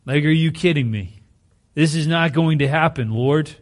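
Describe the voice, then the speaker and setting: A man's voice: fairly high pitch, normal speed, lightly acted. A man acting out a proud male apostle who insistently refuses, with indignant repeated denials, as a preacher. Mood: protesting.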